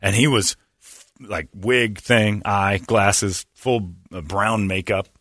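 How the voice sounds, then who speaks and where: A man's voice: on the low side, fairly even intonation, takes it slowly, a bit bright, no echo, studio quality. A man hosting a radio show, ranting sarcastically and laughing as he talks. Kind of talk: casual radio chat.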